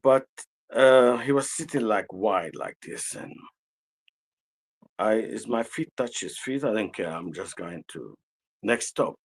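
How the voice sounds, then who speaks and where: Slow husky man with an Arabic accent. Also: on the low side, rough recording. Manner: slow, halting, with frequent restarts. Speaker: energy healer guest. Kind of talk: personal storytelling in conversation.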